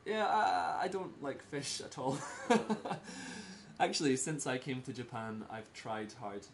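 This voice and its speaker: A Scottish man giving a casual talk to a small group, in simple slow words and laughing often. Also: mid-range voice, creaky, a crowd in the background. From Scotland. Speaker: presenter giving a talk about Scotland.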